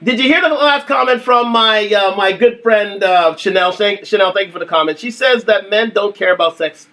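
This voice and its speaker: A man's voice: high-pitched, normal speed, sharp tone. A young adult man hosting a casual livestream, talking emphatically and repeating his points. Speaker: livestream host.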